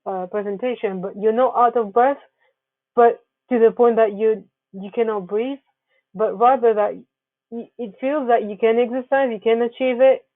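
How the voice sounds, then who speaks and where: A woman's voice: a little high, steady tone, normal speed, no room sound. Woman presenter, narrated slides, earnest advice-giving tone, phone-quality audio, dry and close. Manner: earnest, advising, with frequent restarts. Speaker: wellness presenter. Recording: tinny phone-like, dry sound.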